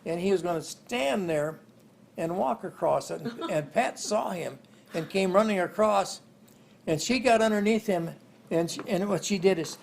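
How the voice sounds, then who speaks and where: A man's voice: sits high, normal speed, gravelly, a little hiss or hum. An older man in an interview, telling rambling family stories and chuckling along the way. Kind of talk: oral history storytelling.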